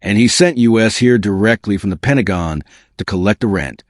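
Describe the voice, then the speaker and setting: A man voicing a cold, menacing male commando leader who speaks in a low growl. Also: a little fast, no echo, clean studio sound, lightly acted.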